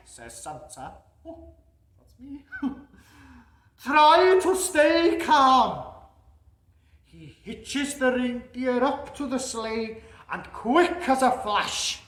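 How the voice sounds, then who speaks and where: Jolly old Santa Claus, played by a man, reads a storybook to children at a slow, easy pace. He keeps breaking off to chuckle and chat with his young listeners. The voice rings in an echoey room. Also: very high-pitched, very animated, fairly bright tone, exaggerated voice.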